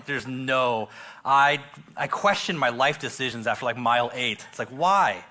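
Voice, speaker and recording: A middle-aged male pastor preaching a casual sermon, joking and filling pauses with restarts. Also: mid-range voice, pushed and bright. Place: church stage.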